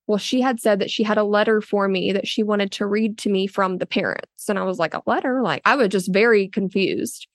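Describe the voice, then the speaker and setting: In a casual spoken interview, a woman who acted as a surrogate tells her own story at a fairly quick, medium-pitched clip with hardly any pauses. She's earnest and loose, full of fillers and restarts, often raising her voice to quote others. The recording is dry, with clean studio sound.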